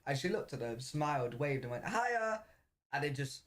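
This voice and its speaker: A British man chatting casually and telling stories in an animated way, laughing often. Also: medium pitch, fairly quick. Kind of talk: casual chat.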